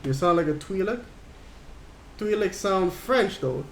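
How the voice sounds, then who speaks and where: A man's voice: high-pitched, animated, measured pace, fairly bright tone, slight background noise. A man livestreaming a game, chatting casually and rambling as he thinks aloud while reading chat. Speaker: game streamer.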